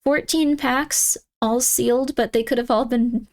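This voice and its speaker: A woman streaming live, chatting casually and rambling in exasperated disbelief, her voice often jumping up in pitch. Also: fairly even intonation, a little slow, a little mellow.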